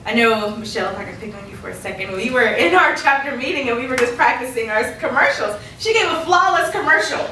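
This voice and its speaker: A woman coaching a workshop audience on public speaking, lively and laughing often as she acts out quotes. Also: a little high, fast talker, few pauses, distant mic, slight background noise. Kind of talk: workshop presentation. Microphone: distant room mic. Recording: echoey room recorded from afar.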